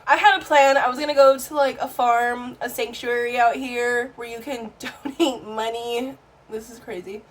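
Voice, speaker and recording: A woman's voice: on the high side, steady tone, normal speed. A young woman vlogging to camera in a casual, frank, chatty way, laughing often and swearing now and then.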